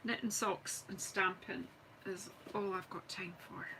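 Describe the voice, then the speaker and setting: Bright-voiced Scottish woman crafting. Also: mid-range voice, fairly even intonation, measured pace, slight background noise, poor audio. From Scotland. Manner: chatty, thinking aloud while crafting. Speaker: craft demonstrator. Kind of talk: live craft stream chat.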